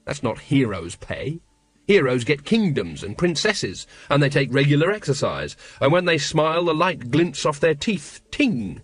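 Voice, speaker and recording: A man's voice: on the high side, very animated, a little slow, no room sound. A worn-out, unfit watch captain voiced by a male narrator, breathless and bitter as he rants to himself. The voice stays close to the reader's own, recorded dry and close. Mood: bitter desperation. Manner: wild, bitter inner monologue.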